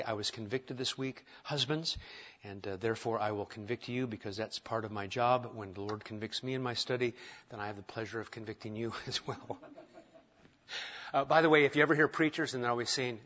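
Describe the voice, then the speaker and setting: A male pastor delivers a sermon in a church with easy humor, dropping to quiet asides and then lifting into emphatic, rising points. His voice sits in a middle pitch. The recording sounds dull and lo-fi. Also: fairly quick. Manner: conversational, self-deprecating humor, swings from quiet to emphatic. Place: church sanctuary.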